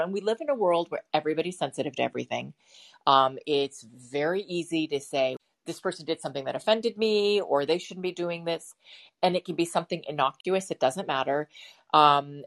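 A woman co-hosting a casual podcast, her voice sitting low with a gravelly fry running through it. She thinks aloud as she goes, looping through fillers and restarts before she lands a point. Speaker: podcast co-host. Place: home setup with a bird in the background.

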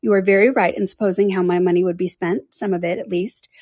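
A woman reading aloud, voicing an eager, passionate young woman in an animated, emphatic manner. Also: fairly low pitch, fast talker, no echo, clean studio sound, natural voice. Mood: earnest.

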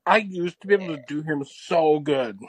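A man's voice: fairly high pitch, normal speed, husky, no room sound. A man co-hosting a comedy podcast, chatting casually, laughing often and trying out celebrity impressions. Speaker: podcast co-host.

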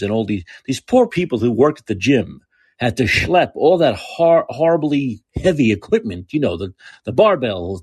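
A man rants into the mic, sarcastic and profane, wandering off on tangents. His husky voice swings up and down with lively pitch. The sound is dry and close. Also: dry recording. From New York. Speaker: podcast host. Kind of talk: ranting monologue.

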